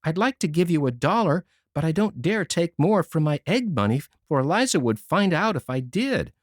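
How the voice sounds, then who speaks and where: A man reading a storybook voices a timid, cheerful older woman who speaks gently and earnestly. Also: a little high, big pitch swings, normal speed, no echo, studio quality, pitched above the performer's own voice. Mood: earnest hope.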